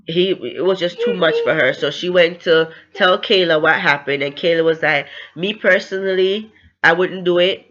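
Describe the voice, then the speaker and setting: A man gushes through a novel's plot in a loose, excitable way and slips into the characters' lines as he goes. His voice is bright and sits fairly high. The recording sounds slightly dull and lo-fi. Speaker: book reviewer. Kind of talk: casual book recap.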